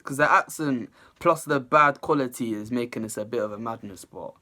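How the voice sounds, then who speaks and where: A man giving casual, animated reaction commentary as a video host, exclaiming often. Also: mid-range voice, brisk. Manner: animated, exclaiming and laughing between remarks. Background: faint music.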